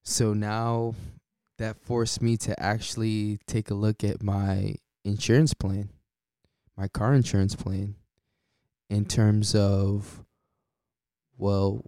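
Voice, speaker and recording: Slow, smooth-voiced male podcast host. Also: fairly low pitch, dark tone, no room sound, studio quality. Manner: laid-back, chuckles often between points. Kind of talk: casual solo podcast talk.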